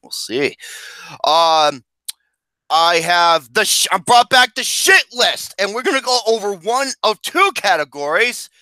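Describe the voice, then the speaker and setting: A high-pitched man hosts a movie podcast with animated, swooping delivery. His tone is bright and excitable, and he teases his co-hosts loudly. The sound is dry and close. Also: measured pace, no echo. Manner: loud, excitable, teasing. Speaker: podcast host. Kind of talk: casual podcast banter.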